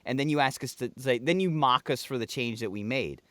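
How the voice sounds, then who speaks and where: A man's voice: mid-range voice, brisk, fairly bright tone, dry recording. A middle-aged man co-hosting a podcast in casual chat, heated and profane, stumbling over the starts of his words. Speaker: podcast co-host.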